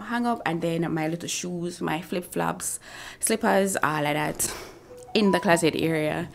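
A woman chatting casually in a travel vlog. She sounds husky and tired after just waking up. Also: medium pitch. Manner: chatty, shows items to camera. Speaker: vlogger.

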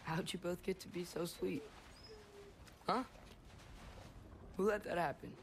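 An actor playing an earnest teenage boy in a video game, talking softly and tenderly. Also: high-pitched, steady tone, a little slow, husky, full character voice. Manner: soft, tender with animals.

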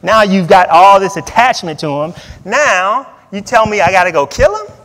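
A man, a preacher, voicing an indignant aged father who pleads in exasperation with God, loud and a little higher than his own voice. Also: animated, moderate pace, long reverb tail, poor audio.

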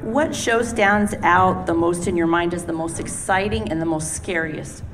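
A woman asking interview questions in a plain, measured way. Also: lowish voice. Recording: distant mic with background noise.

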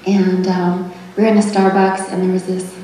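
A young woman giving a tender, rambling memorial tribute, laughing softly between her thoughts. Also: lowish voice, completely flat delivery, moderate pace, slight background noise. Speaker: daughter giving a eulogy. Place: memorial service hall. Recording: echoey hall, heard from far off.

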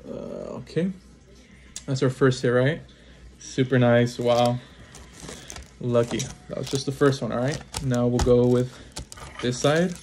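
A man giving casual unboxing commentary as he opens trading card packs, reading off cards one by one and breaking into excited exclamations and quick apologies. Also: medium pitch, a little hiss or hum. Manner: names cards one after another, bursts into excited exclamations, apologizes often. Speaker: trading card pack opener.

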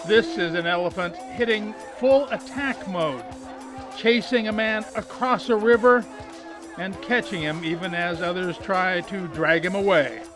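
A man narrating a documentary as reporter, measured and explanatory, sometimes asking questions on location. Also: high voice. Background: music.

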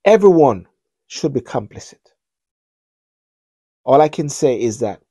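A man's voice: on the high side, animated, a little slow, pauses often, dark tone, breathy edge, dry recording. A middle-aged man hosting a talk show, giving earnest spoken commentary with repeated, preacher-like appeals.

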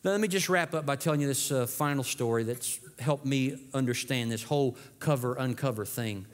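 A man preaching a sermon as lead pastor, telling a story with lively shifts and dropping low for dramatic lines. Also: fairly quick. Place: church sanctuary. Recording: long church hall reverb.

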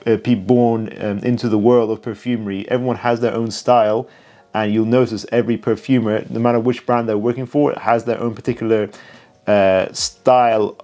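A man's voice: fairly low pitch, flat delivery, normal speed, mellow. Man, perfume reviewer, casual reaction talk, chatty, enthusiastic, tired late at night. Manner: chatty, enthusiastic, self-mocking.

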